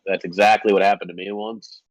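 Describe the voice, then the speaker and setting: A man running a tabletop game as game master, laid-back and quick to laugh, swearing casually. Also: sits low, level tone, no room sound.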